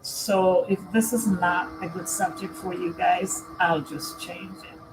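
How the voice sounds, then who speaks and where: A middle-aged woman live-streaming on her computer at home, talking slowly and earnestly about caring for her father and often repeating herself. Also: on the low side, level tone, music in the background, poor audio. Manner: slow and earnest, repeats phrases. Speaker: vlogger and family caregiver. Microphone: computer microphone.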